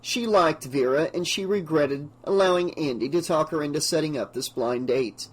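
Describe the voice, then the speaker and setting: A male audiobook narrator reading in a steady, measured way. His voice sits a bit high for a man and carries the prose evenly from line to line. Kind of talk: scripted narration.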